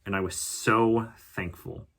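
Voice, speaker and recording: Guy with a low bright voice telling his own story, calm and thoughtful. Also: takes it slowly. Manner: calm, reflective storytelling with occasional laughs. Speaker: podcast host. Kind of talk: personal storytelling.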